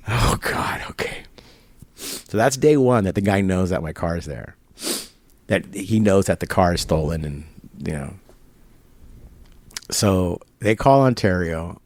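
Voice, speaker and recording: A man's voice: deep voice, lively intonation, slow, long pauses, a little mellow, no room sound. A man telling a long story in casual conversation, acting out both sides of phone calls with quoted dialogue and laughter. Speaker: interview guest. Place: barber shop.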